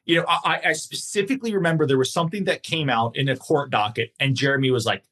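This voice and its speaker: A man's voice: mid-range voice, quick pace, a bit bright. A man hosting a podcast, asking long, rambling questions full of acted-out quotes. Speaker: podcast host. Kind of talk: casual interview talk.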